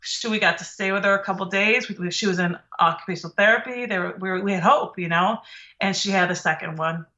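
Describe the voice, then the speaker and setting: Bright-voiced middle-aged woman, lo-fi sound. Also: medium pitch. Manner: animated, acts out quoted dialogue, halting restarts. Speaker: podcast guest. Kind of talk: emotional personal storytelling.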